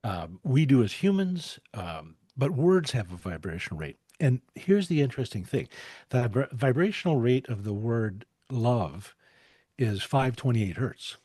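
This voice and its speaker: A man's voice: mid-range voice, very animated, unhurried, mellow, husky, no room sound, clean studio sound. A man in his forties, a podcast guest telling long anecdotes, repeating words as he thinks and laughing often. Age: 40s. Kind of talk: storytelling in a podcast interview.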